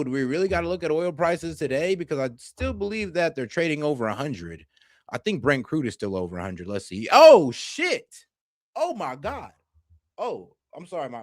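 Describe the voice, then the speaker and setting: A man doing casual political reaction commentary, animated, slangy and profane, talking straight to his viewers. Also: mid-range voice, a little fast, no echo, clean studio sound.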